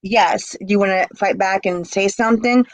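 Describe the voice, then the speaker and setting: Female host, mid-pitch, calm and brief with slight hesitation; dry audio. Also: moderate pace, no room sound. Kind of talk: live-stream interview.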